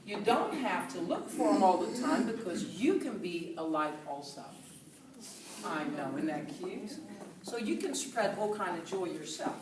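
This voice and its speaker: A woman in her fifties from the southern Netherlands with a Dutch accent, giving a chatty, lively talk to a group and laughing often. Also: on the low side, moderate pace, a crowd in the background. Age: 50s. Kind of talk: casual talk to an audience. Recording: echoey room, from far off.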